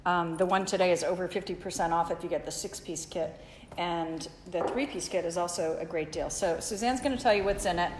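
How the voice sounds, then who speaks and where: A woman co-hosting a sales show, reading viewer comments and pitching products with frequent laughter. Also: fairly quick, echoey room, slight background noise. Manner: giggly, laughs often, upbeat pitch. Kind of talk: casual chat and sales pitch.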